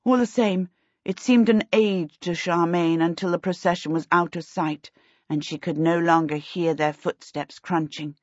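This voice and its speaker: Her voice on the low side, a woman narrates a novel with measured, even delivery. The scripted audiobook has a dull, dry, lo-fi sound with no room ambience.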